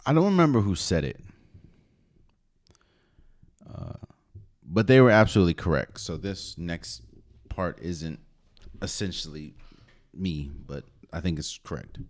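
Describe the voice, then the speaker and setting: A man with a low voice hosts his own sports podcast, talking alone. His pitch swings widely as he pushes his opinions hard, jumping to loud emphatic peaks and then dropping to quiet asides. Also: animated, measured pace, long pauses. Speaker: podcast host. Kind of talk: solo sports commentary podcast.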